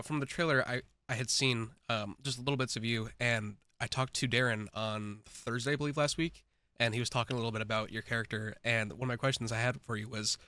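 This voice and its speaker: A man's voice: mid-range voice, pushed and bright, no echo, studio quality. A man interviewing an actor, asking eager, rambling questions in a casual way.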